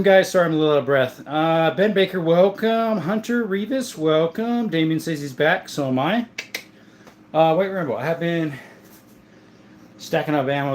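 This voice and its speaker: A man's voice: a little high, slight background noise. A man casually hosting a livestream, chatting and greeting viewers by name as he reads the chat. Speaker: livestream host reading chat. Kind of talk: casual live-chat talk.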